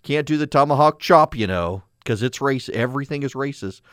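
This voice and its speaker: A man hosting a talk radio show, sarcastic and animated, laughing at his own jokes. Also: mid-range voice, a little fast, no room sound, studio quality. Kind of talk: conservative talk radio monologue. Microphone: studio microphone.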